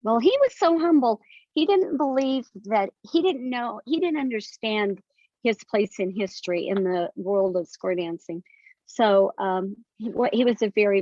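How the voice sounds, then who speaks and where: An older woman speaks as a guest author, recounting things in earnest and detailed stories. Her voice sits at a middle pitch. The recording is dry and a little muffled, with the highs rolled off. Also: moderate pace, a little mellow, no room sound. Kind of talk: conversational interview. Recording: dry, slightly dull sound.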